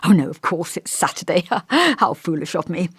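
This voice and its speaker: A woman reading an audiobook and voicing a kindly, hesitant male village vicar with a gentle, scholarly voice. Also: lowish voice, sing-song, normal speed, slightly rough, no room sound, studio quality, heavily acted. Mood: genial. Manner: kindly, hesitant, over-polite. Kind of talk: audiobook character voice.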